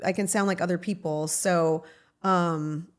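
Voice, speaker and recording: A middle-aged woman telling rambling, animated anecdotes as a guest in a casual interview. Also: lowish voice, measured pace. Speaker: guest, talent manager.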